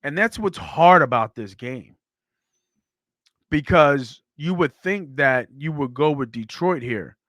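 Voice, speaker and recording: A man's voice: on the high side, slow pace, no echo, studio quality. Blunt, fired-up man talking football. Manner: blunt, animated, swears freely. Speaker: podcast host. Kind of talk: casual sports talk.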